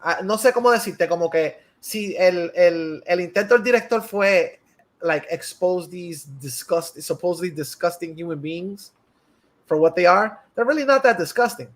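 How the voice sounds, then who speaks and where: A man's voice: high voice, animated, moderate pace, a bit bright. A man, co-hosting a podcast in casual, blunt, profane movie chat that switches between English and Spanish. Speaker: podcast co-host.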